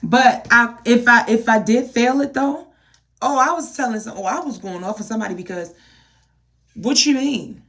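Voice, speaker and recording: A woman chatting casually to camera, animated and exasperated, firing rhetorical questions at her viewers. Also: on the high side, normal speed. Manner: addresses viewers as y'all. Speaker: beauty vlogger.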